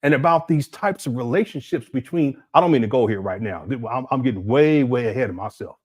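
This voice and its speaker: Speaking fairly quickly in a mid-range voice, a livestreamer talks to his chat from a home desk mic. His commentary is animated and disbelieving, rambling along with frequent restarts.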